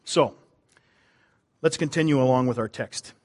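A man, a pastor, preaching a sermon, moving between loud emphasis and quiet, drawn-out lines. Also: medium pitch.

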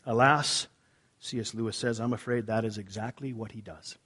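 A man preaching a sermon as a pastor, husky in tone, rising to loud emphatic lines and dropping to hushed, low ones. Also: moderate pace.

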